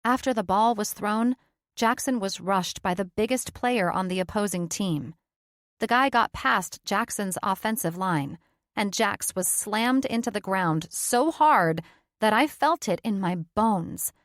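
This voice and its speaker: A woman reads a first-person audiobook with steady, earnest delivery at a middle pitch. The recording is close and completely dry, with no room sound. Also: a little slow, no echo. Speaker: audiobook narrator.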